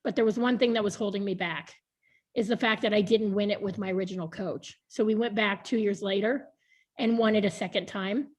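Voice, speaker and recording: A woman's voice: medium pitch, fairly even intonation, fairly quick. A woman in her thirties chatting frankly about her past on a video call, laughing often. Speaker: board member being interviewed. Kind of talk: casual video call chat.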